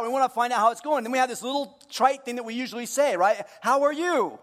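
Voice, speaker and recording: A man preaching a sermon to his congregation, joking with them and moving between hushed earnest moments and loud, playful ones. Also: very high-pitched, quick pace, few pauses, long reverb tail. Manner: jokey, talks directly to the congregation. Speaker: pastor. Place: church hall.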